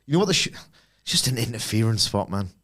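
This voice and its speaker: A man co-hosting a podcast in casual chat, opinionated and quick to jump into animated asides. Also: lowish voice. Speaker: podcast co-host.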